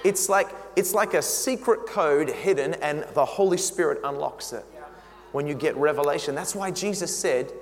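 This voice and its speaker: A man preaching a sermon, emphatic and animated, talking straight to the congregation. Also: fairly high pitch, normal speed. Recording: long reverb in a big hall.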